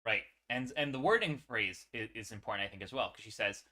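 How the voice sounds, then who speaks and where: A man hosting a casual commentary on a series, talking in an animated, profane way with frequent laughs. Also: lowish voice, brisk. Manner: frequent fillers and restarts. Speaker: show host.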